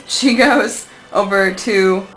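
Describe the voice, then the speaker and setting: A woman's voice: mid-range voice, takes it slowly, fairly bright tone, faint music behind, poor audio. A woman rambling to the camera in a casual vlog, gushing and giggly, and acting out quoted lines in bouncy voices. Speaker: vlogger.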